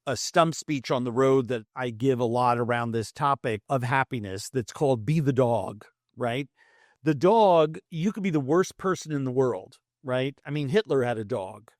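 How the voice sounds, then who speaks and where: Animated older man telling stories. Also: medium pitch, dry recording, clean studio sound. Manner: animated storyteller, acts out quoted dialogue. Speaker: guest. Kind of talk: conversational interview talk.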